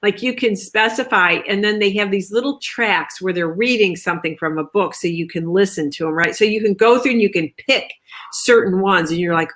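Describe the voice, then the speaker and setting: A woman author chatting on a video call, telling stories in a lively way and acting out quoted lines. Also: medium pitch, brisk. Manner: chatty, animated storytelling with quoted asides. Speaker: author guest. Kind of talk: casual video chat.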